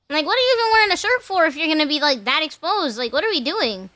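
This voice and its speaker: Young woman, game streamer, high-pitched, casual live chat, joking and crude. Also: bright, forceful tone. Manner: playful, crude, quick to laugh, talks to chat. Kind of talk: casual live-stream commentary while gaming.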